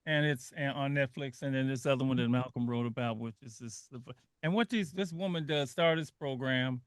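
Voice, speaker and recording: A man's voice: mid-range voice, moderate pace, clear, resonant tone, no room sound. An older man hosting a radio panel, telling stories with emotion and often repeating his words. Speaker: radio show host. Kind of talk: casual radio panel talk.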